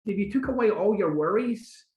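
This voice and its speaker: A man's voice: high-pitched, animated, moderate pace, roomy sound, narrow, tinny audio. A man with a Scottish accent, a guest author talking casually and animatedly, acting out little quotes as he goes. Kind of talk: casual conversation.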